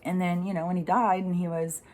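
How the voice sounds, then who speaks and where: A woman's voice: on the low side, flat delivery, a little fast, darkish tone. A middle-aged woman speaking in a rambling, conversational way, giving a casual spiritual monologue full of fillers and the odd swear word.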